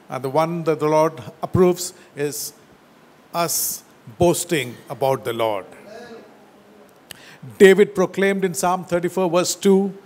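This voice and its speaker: High-voiced preacher with emphatic delivery. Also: male voice. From India. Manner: emphatic preaching, drops low and soft at phrase ends; slows down to quote scripture. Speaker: pastor. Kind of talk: sermon.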